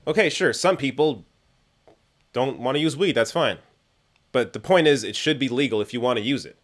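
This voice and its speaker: Young man, from Canada, livestream host, casual Q&A, chatty, laughs a lot, trailing fillers, mid pitch. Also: normal speed. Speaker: livestream host answering chat. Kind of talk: casual live Q&A chat.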